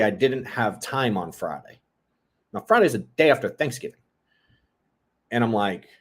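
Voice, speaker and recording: A middle-aged man co-hosting a podcast, telling a parenting story in a blunt, profane, animated way. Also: lowish voice. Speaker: podcast co-host. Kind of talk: casual podcast monologue.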